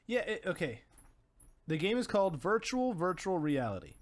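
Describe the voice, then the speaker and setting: A man's voice: sits high, very animated, normal speed. A young man co-hosting a casual podcast, telling a long story with stumbles, repeated words and laughter. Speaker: podcast co-host. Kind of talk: casual chat.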